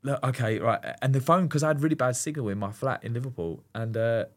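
A man in his thirties rambles through an anecdote as a podcast guest, stopping and restarting with lots of fillers. He tells it in a relaxed, chatty way, in an even middle register. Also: medium pitch, quick pace. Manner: rambling, animated storyteller with many fillers and restarts. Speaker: former goalkeeper, podcast guest. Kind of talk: casual storytelling chat.

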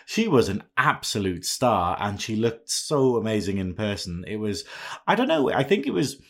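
A man's voice: fairly low pitch, big pitch swings, normal speed, a bit bright. A man co-hosting a podcast and interviewing a guest, playful and bubbly. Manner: playful, bubbly, laughs often. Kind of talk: casual podcast chat.

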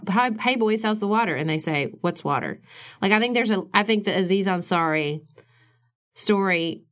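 Woman, forties, podcast co-host, lowish pitch, casual emphatic chat. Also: clean tone. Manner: animated, emphatic, swings up high when quoting others.

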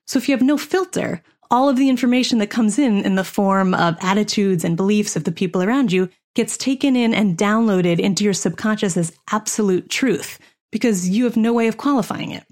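Woman actor-coach, frank and profane, mid pitch, motivational talk. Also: fairly quick, a little mellow. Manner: candid, profane and wry.

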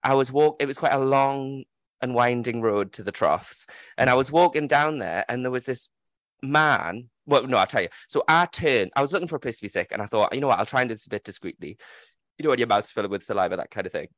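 A man in his thirties tells a story on his podcast, candid and self-mocking, breaking into laughs. His pitch swings widely, and the recording is dry and close. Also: expressive, a little fast, fairly bright tone, no echo. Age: 30s. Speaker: podcast host. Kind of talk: casual storytelling chat.

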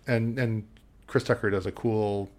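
A man's voice: on the low side, steady tone, a little slow, a little mellow. A man co-hosting a podcast, recapping a film in casual chat and rambling with lots of ums. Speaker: podcast co-host.

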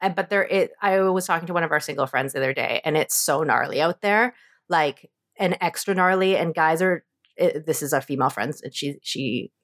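A woman co-hosting a casual podcast chat, animated and slangy, swearing freely. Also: low-pitched, brisk, no room sound, studio quality. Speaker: podcast co-host.

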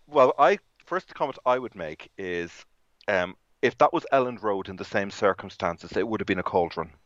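A low-voiced man from England chats about football in a rambling, stop-start way, often restarting his sentences. The recording is dry and slightly muffled, with no room sound around his voice. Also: expressive, normal speed, fairly bright tone, dry recording. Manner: rambling, frequent restarts and fillers. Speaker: football podcast co-host. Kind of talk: casual football chat.

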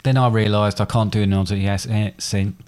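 A man's voice: lowish voice, steady tone, fairly quick, a little mellow, clear, resonant tone. A man chatting casually as a podcast co-host, rambling and self-deprecating, with hesitant restarts. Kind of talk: casual chat.

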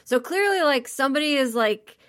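A woman co-hosting a film podcast in casual chat, animated and laughing, with many fillers. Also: high-pitched, a little fast. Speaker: podcast co-host reviewing a film.

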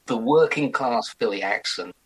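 A man in his forties, an actor chatting as an interview guest in an animated way. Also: mid-range voice, moderate pace, husky, poor audio. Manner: chatty, animated, slips into mock accents. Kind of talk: casual interview chat.

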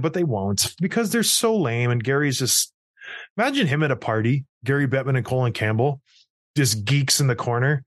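A man's voice: mid-range voice, normal speed, dry recording, studio quality. A man in his thirties hosting a casual hockey talk show, ranting and acting out the people in his stories. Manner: animated, ranting storyteller who acts out quotes. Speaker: podcast host, former hockey player.

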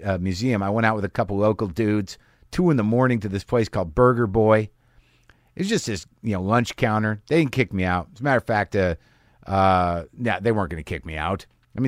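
A man's voice: fairly low pitch, no room sound, studio quality. A man hosting a podcast from his garage, telling a wry, self-deprecating story in a casual, rambling way with many restarts. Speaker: podcast host. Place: home garage studio.

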